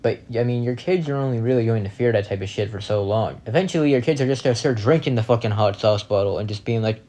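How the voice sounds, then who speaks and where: A man's voice: medium pitch, fast talker, hardly any pauses, warm tone, slight background noise. A young man giving casual reaction commentary, blunt and indignant, swearing heavily as he rants.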